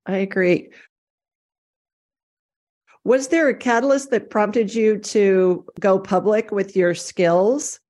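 A woman's voice: medium pitch, takes it slowly, long pauses, darkish tone. A woman hosting an interview, asking brief, agreeable questions. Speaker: host.

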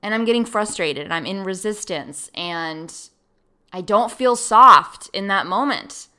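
Woman podcast host, solo casual storytelling, bright and clear tone, animated, voices her own inner thoughts. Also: mid-range voice, measured pace. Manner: animated, acts out her own past thoughts, laughs easily.

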